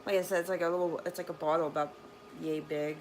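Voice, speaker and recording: A woman with a low-pitched voice tells a casual storytime vlog from her bedroom. She rambles with plenty of fillers and swears freely. A faint background noise sits under her voice. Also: steady tone, fast, poor audio. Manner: rambling, profane, lots of fillers. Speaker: vlogger. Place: bedroom at home.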